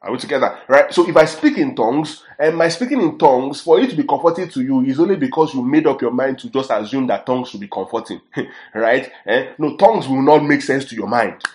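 A man's voice: mid-range voice, animated, brisk, a little mellow. A man teaching a sermon, emphatic and often checking that his listeners follow. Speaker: preacher. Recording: echoey room.

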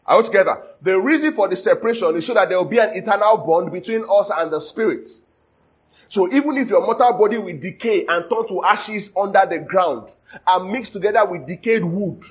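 Male preacher, high and husky, conversational teaching sermon, dull recording. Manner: checks in with the audience often, jokes and laughs. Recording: dull lo-fi sound.

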